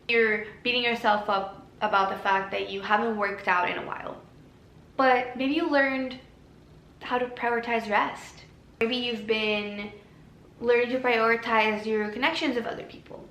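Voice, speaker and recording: A woman's voice: on the high side, a bit bright, a little hiss or hum. Earnest woman in an echoey room. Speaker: lifestyle creator. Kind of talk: casual self-help talk to camera.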